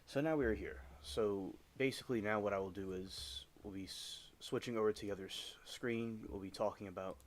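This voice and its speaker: Man, lowish voice, casual gaming livestream, rambling, chatty, halting restarts, home desk mic. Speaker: live streamer.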